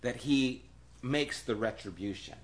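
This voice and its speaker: A male pastor delivering a sermon in an emphatic voice that sits at an ordinary middle pitch. He repeats his key phrases and often sinks into a hushed, almost whispered voice. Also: unhurried. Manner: drops to a hushed, near-whispered voice.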